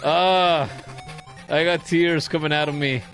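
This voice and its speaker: High, gravelly, profane streamer guy. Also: steady tone, slow pace, a bit bright, faint music behind. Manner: rambling, profane, laughing storyteller. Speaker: game streamer. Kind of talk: casual chat while streaming.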